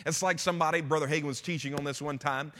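A man preaching a sermon, reading scripture slowly and then explaining it in a relaxed teaching tone. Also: fairly high pitch, in a large hall. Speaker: pastor.

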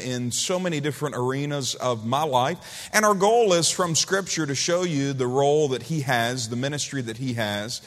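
A man preaching a sermon as pastor, folksy and joking, telling stories between Scripture readings. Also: medium pitch. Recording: reverberant church hall.

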